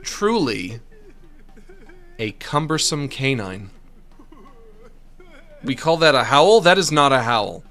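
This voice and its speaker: A man's voice: medium pitch, big pitch swings, slow pace, long pauses, sharp tone. A young man giving casual, sarcastic commentary while playing a video game, joking around and reading the text aloud.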